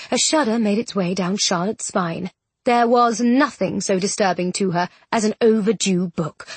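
A woman reading a novel aloud in a wry, even storytelling manner. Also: mid-range voice, moderate pace, husky, no echo. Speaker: audiobook narrator. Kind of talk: scripted narration.

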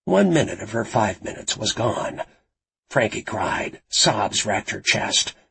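A man reading a suspense novel aloud as narrator, dramatic and suspenseful in a gravelly voice. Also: fairly low pitch, very animated, slow pace, sharp tone, low-quality recording. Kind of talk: scripted audiobook narration.

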